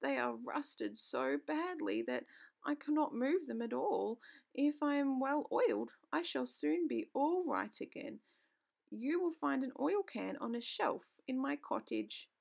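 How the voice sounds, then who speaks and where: A woman's voice: high voice, sing-song, measured pace, creaky, darkish tone, voice pushed up, full character voice. A woman reading aloud, voicing a sad, polite, grateful man made of tin who stammers a little.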